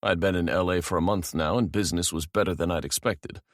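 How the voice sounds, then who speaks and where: A man narrating a romance audiobook in a calm, measured manner. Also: deep voice, no echo, clean studio sound.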